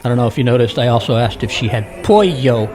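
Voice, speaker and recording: This walking tour vlogger is a fast, animated talker with a medium-pitched voice, chatting to his audience as he makes his way down a crowded city street. Behind him are music, street noise, and general city ambience.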